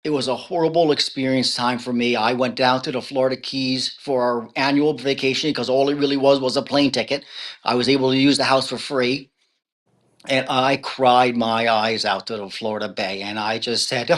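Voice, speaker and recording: A male author on a video call, telling his story with big swings from hushed to loud and frequent laughter. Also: medium pitch, moderate pace. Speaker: author guest. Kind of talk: animated storytelling in an interview.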